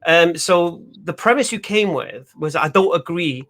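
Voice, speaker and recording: Host, male, fairly high voice, rambling and chatty. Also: expressive, measured pace, a bit bright. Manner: chatty, repeats himself, laughs often. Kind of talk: casual conversation.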